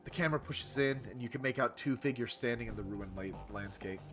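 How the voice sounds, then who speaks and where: With game music in the background, a man with a medium-pitched, slightly bright voice reads a game's text aloud at a fairly quick clip as a streamer narrating a playthrough. He slips wry comments in between the lines he reads.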